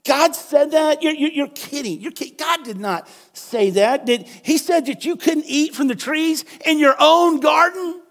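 A man's voice: very high voice, a little slow, hardly any pauses, fairly bright tone, voice pushed up. A man voicing a mocking male serpent in a sermon, speaking with incredulous sarcasm.

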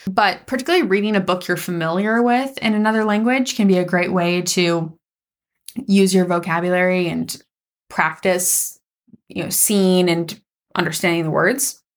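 A young adult woman co-hosting a casual podcast chat, an animated storyteller who laughs often. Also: on the low side, normal speed. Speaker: podcast co-host.

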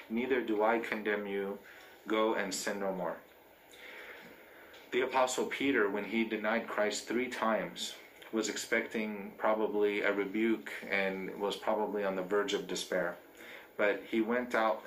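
Male priest, preaching off the cuff; lowish voice, faint room noise behind. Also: a bit bright, echoey room, rough recording. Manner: unscripted, with frequent fillers and restarts. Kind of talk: sermon. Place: church.

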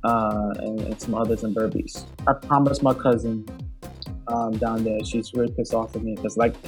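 A man's voice: lowish voice, normal speed, soft background music. A man, a film director guest who tells stories in a casual, joking way. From United States. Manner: laughing, joking, animated storytelling. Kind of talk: casual interview.

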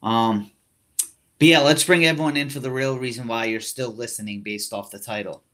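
A man's voice: medium pitch, fairly even intonation, normal speed, a bit bright. A young man hosting a casual wrestling chat podcast, laid-back and self-mocking, rambling with lots of fillers. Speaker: podcast host.

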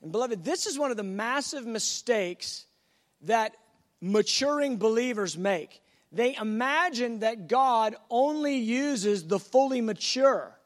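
A man's voice: very high-pitched, animated, slow pace, in a large hall. A man preaching an earnest, emphatic sermon, acting out scripture dialogue.

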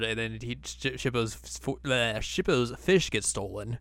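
A man's voice: medium pitch, measured pace, fairly bright tone, no room sound. Podcast host, man, casual and joking, dry close sound. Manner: joking, recaps animatedly. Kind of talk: casual chat.

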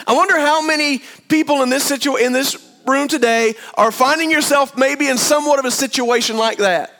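A man's voice: very high-pitched, moderate pace, sharp tone. A man preaching a sermon to a congregation, retelling the story in a chatty, storytelling way and speaking straight to the room.

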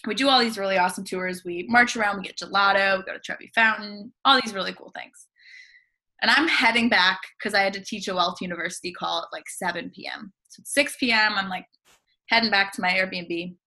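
A woman's voice: medium pitch, fairly quick, bright, forceful tone. An American woman, a podcast guest, telling a long story in a breezy, chatty way, full of casual fillers. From United States.

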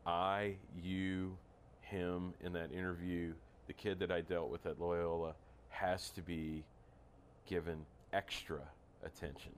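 Very deep-voiced, halting man. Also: flat delivery, slight background noise. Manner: reflective, halting, repeats words while searching. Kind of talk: casual chat.

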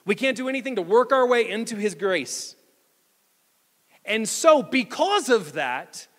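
Male pastor, bright high voice, very lively pitch, in a reverberant church hall. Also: unhurried. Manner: animated preaching, reads scripture aloud. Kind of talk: sermon. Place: church sanctuary.

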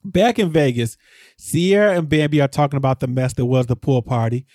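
A man co-hosting a podcast, rambling through a casual recap and jumping up in pitch when he gets exasperated. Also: brisk, darkish tone, dry recording, studio quality. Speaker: podcast co-host.

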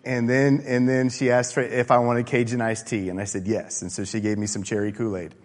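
A man from Texas, a minister, preaching a sermon in an animated, conversational way and telling personal stories. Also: medium pitch, a little fast, in a large hall. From Austin, Texas.

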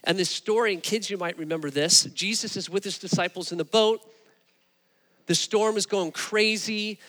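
A man preaching a sermon, telling stories with animated, rising emphasis. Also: high voice, normal speed, long reverb tail. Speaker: pastor.

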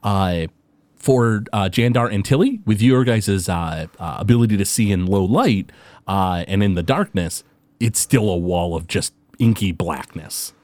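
A man's voice: lowish voice, a little mellow. A man hosting and narrating a tabletop game as game master, talking with many fillers and restarts. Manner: filler-heavy, halting delivery.

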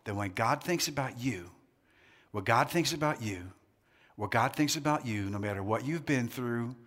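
At a moderate pace, a man with a medium-pitched, fairly bright voice and lively intonation gives a sermon to a live church-hall congregation. He begins with playful jokes and call-and-response, then moves into earnest preaching.

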